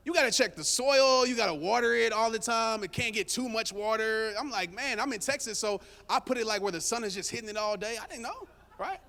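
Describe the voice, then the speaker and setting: A man's voice: extremely high pitch, lively intonation, brisk, gravelly, bright, forceful tone. A man giving a motivational speech to a live audience, telling a story casually and joking with the crowd. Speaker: motivational speaker. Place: stage before a live audience. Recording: long hall reverb.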